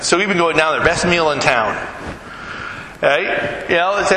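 A pastor with a high voice preaches to his church in a conversational, animated way, a little fast, often checking in with "right?". The sermon is recorded in an echoey sanctuary with noise.

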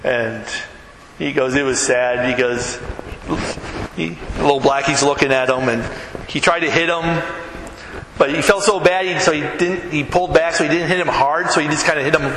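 Male pastor, sermon delivery, bright slightly high voice, chatty asides, church room echo. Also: normal speed. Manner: storytelling, conversational asides to the congregation. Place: church sanctuary. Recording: echoey hall with long reverb, faint room noise.

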